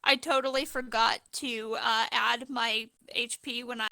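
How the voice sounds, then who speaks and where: A woman chats as a player in a tabletop game, wry and talkative. Her voice is high, bright and smooth. The sound is dry and close. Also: fairly even intonation, a little slow, no echo. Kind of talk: casual tabletop game chat.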